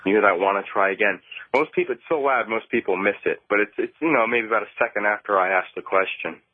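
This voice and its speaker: A man telling his ghost-hunting experiences as an interview guest, speaking haltingly and repeating words as he starts sentences. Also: on the low side. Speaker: paranormal investigator guest. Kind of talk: phone-in interview storytelling. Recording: dry tinny phone line.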